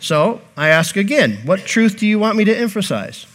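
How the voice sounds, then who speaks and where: A man's voice: high-pitched, very animated, brisk, a bit bright. A pastor preaching a sermon, earnest and repeating key phrases, posing rhetorical questions to his congregation.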